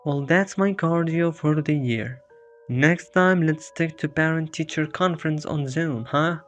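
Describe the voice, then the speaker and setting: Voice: medium pitch, measured pace, natural voice. A narrator voicing a sarcastic bewildered horror hero. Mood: quipping. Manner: sarcastic, self-mocking quips. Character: wisecracking bewildered male hero lost in a horror town. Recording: dull lo-fi with faint music.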